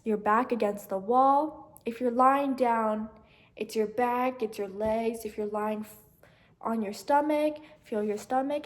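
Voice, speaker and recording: Young woman, bit high voice, gentle meditation talk, slows down and goes soft. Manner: gentle, slows and softens when guiding breathing. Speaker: meditation channel host.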